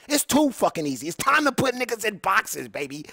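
A man's voice: high voice, sing-song, brisk, creaky, few pauses, sharp tone, dry recording, studio quality. A man streaming gameplay, trash-talking crudely and boastfully, repeating his taunts. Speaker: gaming streamer. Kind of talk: profane trash talk over gameplay.

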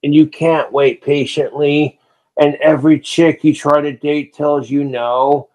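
A man's voice: on the high side, little pitch movement, measured pace, a little mellow. A man ranting on a livestream, swearing heavily and drinking alcohol as he talks. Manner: profane, ranting, drinking on stream. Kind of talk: livestream rant.

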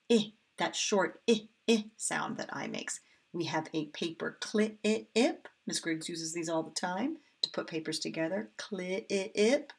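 A woman teaching a phonics lesson to young children, cheerful and slowly sounding out each word. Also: on the low side, creaky, husky. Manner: cheerful, slow and drawn-out when sounding out words. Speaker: kindergarten teacher.

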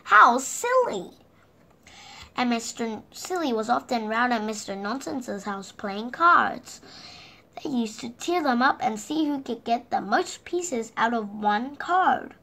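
A woman reads a picture book aloud to young children, taking her time over every phrase. Her somewhat high voice rises and falls with lots of expression. She keeps turning to the listener with playful questions. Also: lively intonation, a little slow, pushed and bright. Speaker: children's story reader.

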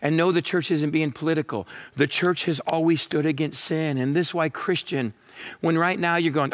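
A male pastor preaching a sermon, moving between forceful declarations and quieter reflective passages, with repetition and rhetorical questions. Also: fairly high pitch, moderate pace.

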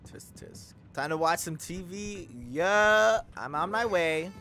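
A man's voice: a little high, measured pace, a bit bright. A man giving casual horror game commentary, jumpy, swearing and joking at the game. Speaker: gaming video creator. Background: game music.

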